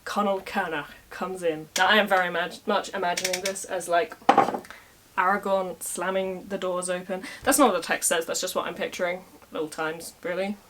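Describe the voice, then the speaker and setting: A woman's voice: fairly low pitch, steady tone, normal speed, a bit bright, a little hiss or hum. Wry woman retelling an old tale. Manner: wry, irreverent, modern slang asides. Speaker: storyteller. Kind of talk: casual retelling of a medieval tale.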